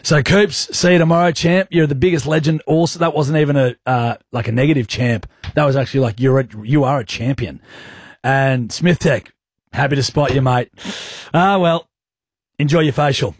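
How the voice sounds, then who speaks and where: A man's voice: medium pitch, normal speed, breathy edge, no room sound, clean studio sound. A man with an Australian accent hosting radio, teasing his co-host in cheeky, mocking banter and laughing often.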